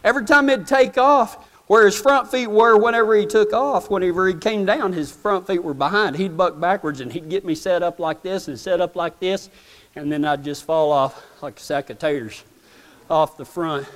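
A man's voice: sits high, normal speed, fairly bright tone. A man telling a humorous, self-mocking story in folksy rural speech to a live audience. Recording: long hall reverb.

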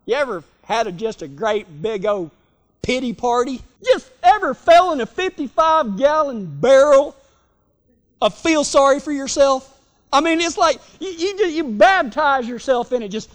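A man's voice: very high voice, big pitch swings, unhurried, a bit bright. A man preaching a folksy sermon, telling stories with frequent restarts. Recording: long reverb of a hall.

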